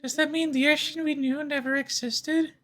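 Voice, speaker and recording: A man's voice: very high-pitched, fairly even intonation, normal speed, bright, forceful tone, voice pushed up. A man voicing an earnest young woman in a game, anxious and questioning. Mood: worried. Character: earnest young woman, worried about friends. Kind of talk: live game voice-acting.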